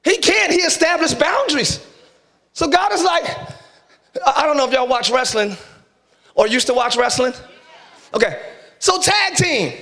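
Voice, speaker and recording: A man preaching an energetic live sermon as pastor, shouting and hyped, calling on the congregation to respond. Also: very high voice, normal speed, vocal fry, pauses often. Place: large church sanctuary with congregation.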